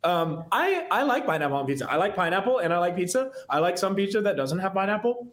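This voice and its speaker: A man's voice: sits high, sing-song, fast talker, a bit bright. A musician being interviewed on a podcast, a man talking in a laid-back, rambling way and laughing easily. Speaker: musician guest. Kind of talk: casual podcast chat. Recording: roomy echoey sound.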